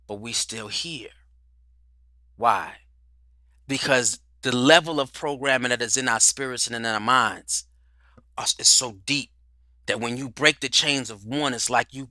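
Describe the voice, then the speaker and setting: Preacherly man with a bright, close voice. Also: medium pitch, sing-song, a little slow, pauses often, no room sound. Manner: preacherly, rhetorical questions, repeats words, swings from loud to quiet. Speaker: host. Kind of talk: livestream talk on spirituality and culture.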